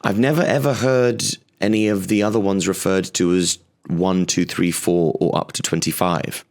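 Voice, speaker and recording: A man's voice: deep voice, steady tone, moderate pace. A man hosting a comedy podcast, rambling and facetious in a solo monologue.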